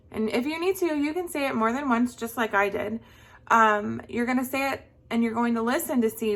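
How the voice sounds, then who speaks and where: A young woman teaches little children patiently and slowly, elongating words in a sing-song voice for them to say back. Her voice sits on the high side with a fairly bright tone.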